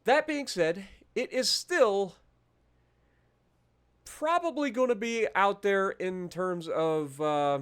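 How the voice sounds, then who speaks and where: A man with a fairly high voice hosts his own gaming channel. He talks through his rankings in a loose, chatty way, with plenty of fillers and restarts. He pokes fun at himself as he goes. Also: animated, slow pace, a bit bright, clear, resonant tone. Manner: chatty, self-deprecating, many fillers and restarts. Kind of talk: casual gameplay commentary.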